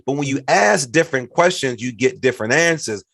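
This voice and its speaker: Casting: middle-aged American man, podcast host, mid-pitched voice, dry close recording, animated storyteller. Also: fairly quick, vocal fry, dry recording. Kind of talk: casual conversation.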